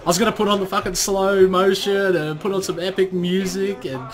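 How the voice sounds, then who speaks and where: A man giving excitable, profane live commentary over his gameplay, often bursting into shouts and laughter. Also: high-pitched, a little fast. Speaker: gaming commentator.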